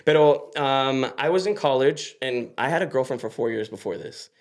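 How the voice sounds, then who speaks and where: A young man telling stories in a casual interview, animated and laughing often, switching between English and Spanish. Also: mid-range voice, moderate pace. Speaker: podcast guest.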